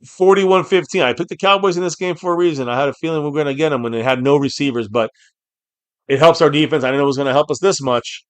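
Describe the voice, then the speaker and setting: An excitable man hosting a fan reaction stream in a slightly high voice. He calls the action and reads out viewer names, then bursts into shouting on big plays. The sound is dry and close. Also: quick pace, clean tone, dry recording. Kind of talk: live game reaction and chat reading.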